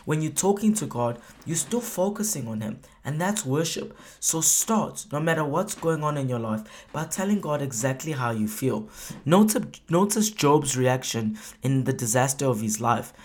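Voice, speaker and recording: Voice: mid-range voice, expressive, normal speed. Emphatic preacher asking rhetorical questions. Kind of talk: sermon.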